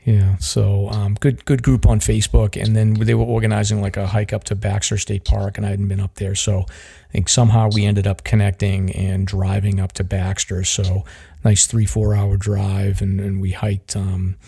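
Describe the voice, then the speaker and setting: Casting: chatty male podcast host, low, dark, husky gravel in the voice. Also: flat delivery, normal speed. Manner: chatty, rambling with fillers. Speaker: podcast host, search and rescue volunteer. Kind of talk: casual podcast interview.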